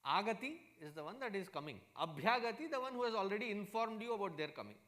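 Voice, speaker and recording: Casting: lively Indian male spiritual teacher, high voice, swooping storyteller's delivery, playful humor. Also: fast talker. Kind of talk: storytelling satsang talk.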